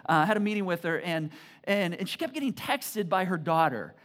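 A pastor preaching a sermon, telling family stories with animated, repetitive emphasis. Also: male voice, sits high, brisk.

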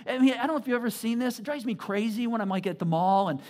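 A preacher giving a sermon in a conversational, animated way, with frequent asides that check in with the listeners. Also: fast talker. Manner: swings between low asides and loud excited bursts.

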